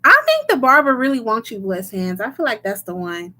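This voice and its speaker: A woman's voice: fairly high pitch, huge pitch swings, a little fast, bright, forceful tone. Chatty, laughing woman tarot reader. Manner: chatty, laughs often, greets viewers and answers chat. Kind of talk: casual livestream chat.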